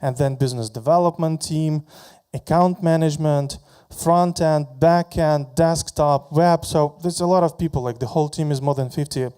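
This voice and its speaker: Guy giving a conference talk, kinda high mellow voice, lots of uh and restarts. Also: steady tone, clean tone. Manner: halting, repeats words, many fillers. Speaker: product marketing manager giving a talk.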